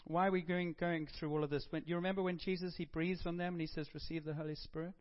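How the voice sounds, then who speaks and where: A man's voice: a little high, flat delivery, quick pace, muffled recording. A man preaching a sermon as pastor, in a conversational style with emphatic rises.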